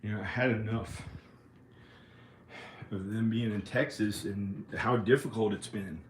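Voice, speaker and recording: A middle-aged man vlogging in a rambling solo monologue, halting and often restarting his sentences. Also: on the low side, fairly even intonation. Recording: echoey room with faint noise.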